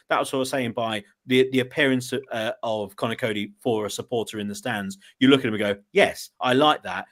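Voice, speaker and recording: A man guest on a sports podcast, talking in a chatty, rambling way with frequent fillers and restarts. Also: mid-range voice. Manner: chatty, rambling, laughs at his own asides. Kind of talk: casual podcast chat.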